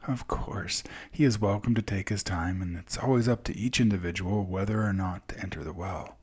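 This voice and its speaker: A man voicing a gentle, wise older woman mentor who speaks softly and reassuringly, at times dropping to a near whisper. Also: low voice, normal speed, slightly rough. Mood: soothing.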